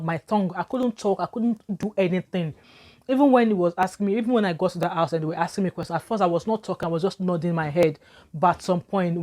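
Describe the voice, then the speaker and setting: A woman's voice: on the low side, a little mellow. Nigerian woman telling an emphatic story. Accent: Nigerian English. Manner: repetitive, emphatic retelling. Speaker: vlogger. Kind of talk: storytime vlog.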